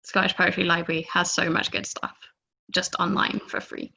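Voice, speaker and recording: A woman reading a poem aloud on a video call, giving the quoted lines lively voices. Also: lowish voice, normal speed, gravelly. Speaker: poetry reader.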